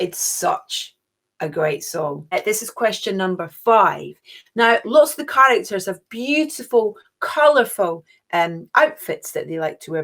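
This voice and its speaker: A woman's voice: medium pitch, fairly bright tone. A middle-aged woman hosting an online quiz, chatty and cheerful, gushing with little oohs. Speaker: quiz host.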